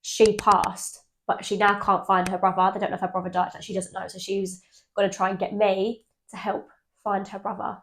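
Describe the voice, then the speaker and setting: A young woman co-hosting a podcast, telling ghost stories in animated casual chat and swearing freely. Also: medium pitch, fairly quick, a little hiss or hum. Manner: animated storytelling, swears freely, laughs often. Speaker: podcast co-host.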